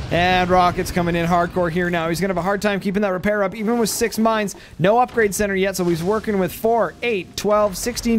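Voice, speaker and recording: Jokey high-voiced male game commentator. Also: a little hiss or hum. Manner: jokey, excitable, voice going tired. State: voice starting to tire. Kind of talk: casual play-by-play commentary.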